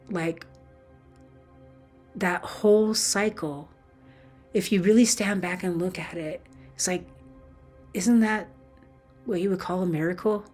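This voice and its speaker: Earnest woman spiritual teacher, lower voice. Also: a little mellow. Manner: earnest and emotional, with many fillers. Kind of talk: heartfelt personal storytelling talk.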